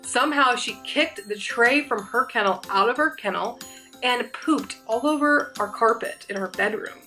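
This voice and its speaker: A woman's voice: fairly high pitch, moderate pace, bright, forceful tone, soft background music. A young woman vlogger chatting through a storytime, rambling and restarting her sentences as she goes. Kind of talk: casual storytime.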